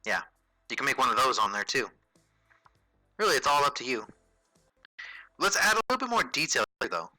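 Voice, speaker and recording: A man hosting a livestream drawing tutorial, narrating casually as he works and thinking aloud with fillers and quick self-corrections. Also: mid-range voice, very animated, sharp tone, no echo, soft background music, low-quality recording.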